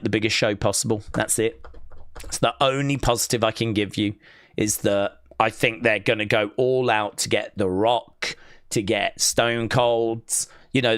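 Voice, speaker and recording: A man's voice: on the low side, a bit bright, smooth, dry recording. A man hosting a live wrestling watch-along, reading chat and riffing with dry sarcasm and lots of fillers. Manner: sarcastic, jokey, rambling with fillers.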